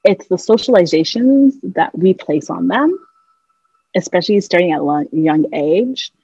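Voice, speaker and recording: A woman with a low, husky voice talks casually as a podcast co-host, reflective and wry. The sound is dull and lo-fi, and dry with no room echo. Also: expressive, a little slow, warm tone. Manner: reflective, wry, mocks others with put-on airy voices. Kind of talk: casual conversation.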